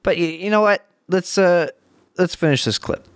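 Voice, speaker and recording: A man commenting on a TV clip at home, sarcastic and profane, jumping into high mocking voices. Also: normal speed, clean tone, dry recording, studio quality. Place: home room. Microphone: home mic being tested.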